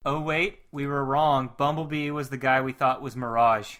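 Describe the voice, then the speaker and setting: Bright, joking male podcast host. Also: mid-range voice, level tone, normal speed. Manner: joking, chuckling, rambling asides. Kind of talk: casual chat reviewing a coloring book.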